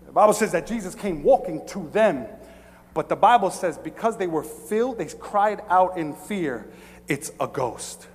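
A man preaching a sermon as pastor. He swings from hushed, slow passages to shouted pleading, often repeating phrases and stammering on restarts. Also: a little high, long reverb tail.

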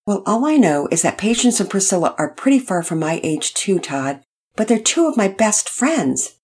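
A woman voicing a calm young boy who gently reassures his friend. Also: mid-range voice, normal speed, breathy edge, voice pushed up. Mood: reassuring.

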